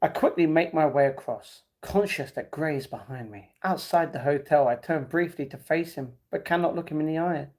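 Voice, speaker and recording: A man's voice: fairly high pitch, normal speed, few pauses, a little mellow. A man reading a novel aloud on a live stream, stumbling and correcting himself, with breaks where he laughs at the chat.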